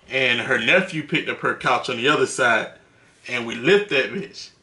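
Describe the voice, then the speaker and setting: A man's voice: medium pitch, bright, forceful tone. A man telling stories to the camera in a casual, slangy, profane way, laughing between them. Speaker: vlogger. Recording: roomy echo.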